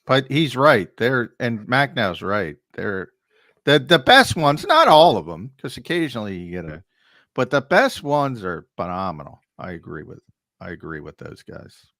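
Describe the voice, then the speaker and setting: Animated, stammering male co-host. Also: mid-range voice, moderate pace, dry recording, studio quality. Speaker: sports radio co-host. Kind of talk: casual sports talk.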